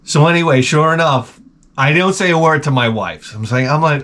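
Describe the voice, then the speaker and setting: A man's voice: mid-range voice, normal speed. A man hosting his channel, telling rambling comic stories full of swearing and muttered asides. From United States. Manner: profane, animated, drops to mutters for asides. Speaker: channel host. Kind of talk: rambling comedic storytelling.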